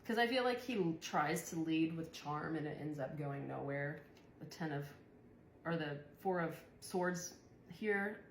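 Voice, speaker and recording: A young woman with a low voice and measured pace does a casual, chatty tarot reading monologue, swearing and laughing often. The room is echoey, with faint background noise.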